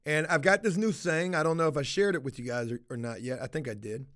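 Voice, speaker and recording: High-voiced, foul-mouthed man rambling. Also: quick pace, a bit bright. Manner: profane, rambling, blunt. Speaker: livestream host reading chat. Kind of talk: casual livestream chat.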